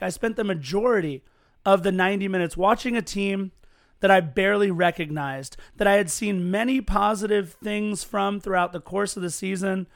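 A man's voice: high voice, fairly bright tone. A man co-hosting a casual sports podcast, telling stories in a chatty, earnest way. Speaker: podcast co-host.

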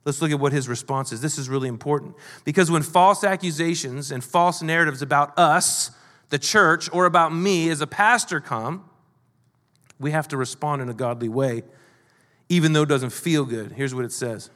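A male pastor preaching a sermon, moving between emphatic and quiet delivery. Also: on the high side, moderate pace, big-room sound.

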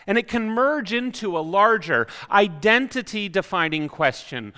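Male pastor, sermon, reflective, keeps posing questions; high voice, echoing church hall. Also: animated, a little slow, few pauses, bright, forceful tone, smooth. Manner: reflective, many rhetorical questions.

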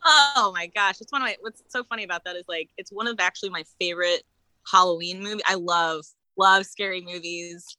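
A woman's voice: on the low side, a little fast, no echo, low-quality recording. A woman in her late twenties, telling a personal story in casual conversation with frequent laughs and fillers. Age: late 20s. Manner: animated, laughs often, many fillers. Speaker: guest sharing her story.

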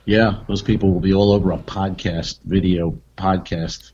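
A man with a low, husky voice co-hosts a comedy podcast and drops dry, sarcastic one-liners. His audio is dull and lo-fi, like a muffled call recording. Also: flat delivery, moderate pace, a little mellow. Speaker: podcast co-host. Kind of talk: casual comedy podcast chat.

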